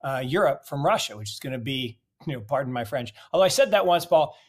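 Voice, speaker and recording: A man's voice: mid-range voice, lively intonation, fast, slightly rough. A man giving opinionated market commentary in an interview, emphatic and fond of rhetorical questions. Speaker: guest commentator.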